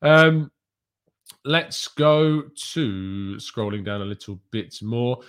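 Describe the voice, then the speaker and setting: Guy on a live fan stream, reads out chat questions and chats back, lots of ums, average pitch, small room at home. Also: animated, slow pace, a bit bright, smooth. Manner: chatty, candid, frequent ums and asides.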